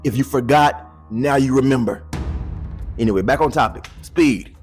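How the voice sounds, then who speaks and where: A man's voice: medium pitch, moderate pace, faint music behind. A man giving casual YouTube commentary, slangy and joking, with boastful asides to the camera.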